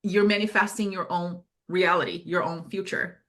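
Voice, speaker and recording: A woman's voice: on the low side, steady tone, moderate pace, a bit bright. Encouraging woman coaching on a call. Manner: encouraging, with frequent fillers and self-corrections. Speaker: fitness coach leading a group call. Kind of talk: coaching talk on a group video call. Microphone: video call.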